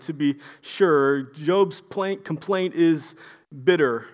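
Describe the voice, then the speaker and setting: High-voiced man preaching a sermon. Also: slow pace. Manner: earnest, conversational, stammers on repeats.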